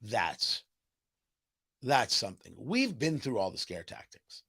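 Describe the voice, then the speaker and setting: A man's voice: lowish voice, takes it slowly, vocal fry, slightly rough. A man hosting a political talk show, delivering a sarcastic, mocking commentary monologue. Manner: sarcastic, animated, mocking asides.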